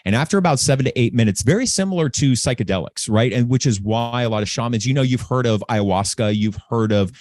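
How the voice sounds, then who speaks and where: A man's voice: mid-range voice, fast talker, hardly any pauses, a little mellow, dry recording. A man, a podcast guest, telling his story in an earnest, candid way and repeating phrases when moved.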